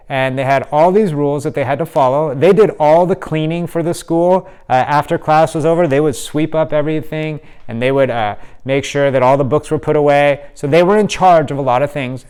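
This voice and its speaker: A male teacher telling a story to his students, slow and hesitant with many pauses and acted voices. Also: fairly high pitch, darkish tone, clear, resonant tone.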